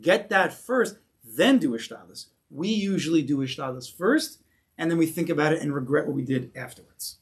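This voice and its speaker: Male rabbi, slightly high voice, lively teaching style, acts out stories. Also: moderate pace. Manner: animated, acts out stories, rhetorical questions. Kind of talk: conversational Torah class.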